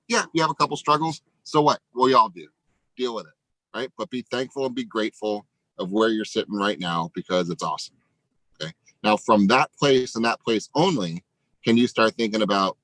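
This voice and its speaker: A man giving an energetic motivational pep talk as a sales coach, emphatic, tagging lines with "right?". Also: fairly low pitch, no echo, poor audio.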